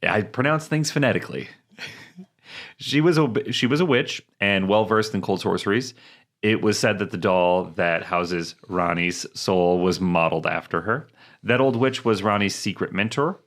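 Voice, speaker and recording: Male podcast co-host with a very low voice; reads game text with fillers, relaxed banter. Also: normal speed. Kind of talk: casual chat, reading game descriptions.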